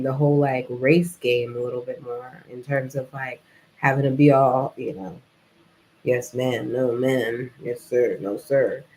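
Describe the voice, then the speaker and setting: A woman's voice: low-pitched, darkish tone, rough recording. Rambling young woman vlogging. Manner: rambling, full of "like" and "you know". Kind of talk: casual reflective monologue.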